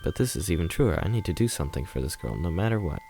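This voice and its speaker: Man narrating as a gentle young girl, soft, earnest inner monologue, low voice. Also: expressive, fast talker, gravelly, a little hiss or hum. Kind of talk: reading a visual novel aloud.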